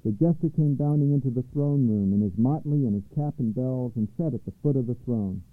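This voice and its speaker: A man narrating a children's story aloud in a measured, clear way, over a tinny line. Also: mid-range voice, no echo. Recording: tinny phone-like line, dry.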